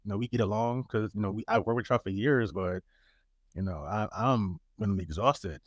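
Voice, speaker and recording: A man's voice: fairly low pitch, fairly quick, no room sound, studio quality. A man co-hosting a podcast in a laid-back, joking way, often restarting his words. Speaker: podcast co-host. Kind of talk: casual chat.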